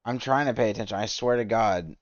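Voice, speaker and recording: Exasperated low-voiced man ranting at a stream. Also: a little fast, no echo, highs cut off. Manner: exasperated, rambling rant with many restarts. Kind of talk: casual live-stream reaction commentary.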